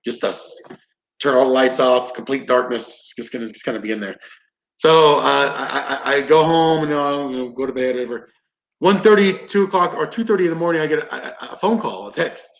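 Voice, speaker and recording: A man speaks a little fast at medium pitch with a creaky voice, casually recounting a story as a podcast guest. He's a combatives instructor who swears a lot and acts out what people said, and the lo-fi audio is roomy and dull.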